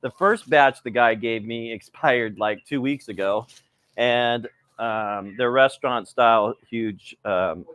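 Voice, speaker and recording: A middle-aged man runs a live cooking stream in a loose, rambling chat, calling out viewers by name between steps. He sounds a little cold. His voice sits at an ordinary pitch and is recorded dry and close, with no room echo. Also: slow, fairly bright tone, smooth.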